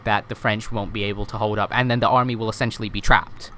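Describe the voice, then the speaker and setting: A man talks through history in a relaxed podcast conversation, peppering his points with fillers and quick self-corrections. He often checks in with "right?" as he goes. Faint background noise sits under the voice. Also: on the low side. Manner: chatty, many fillers and self-corrections, tag questions. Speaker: podcast guest explaining history. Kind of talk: casual history podcast chat.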